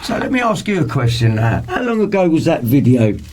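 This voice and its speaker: A man's voice: mid-range voice, big pitch swings, fairly quick, darkish tone. Terse, defensive man under questioning. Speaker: interviewee under police questioning. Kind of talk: police interview.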